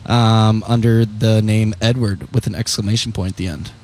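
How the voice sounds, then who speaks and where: A man's voice: on the low side, steady tone, moderate pace, a little mellow, slight background noise. Joking laid-back male musician. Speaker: musician guest. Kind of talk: casual interview. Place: outdoor event.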